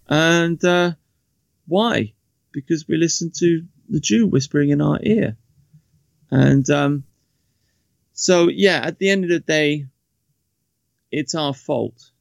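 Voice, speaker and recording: A man's voice: on the high side, gravelly, no room sound. A man talking in casual podcast chat, rambling with many restarts and mocking asides. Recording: dull, lo-fi, dry sound.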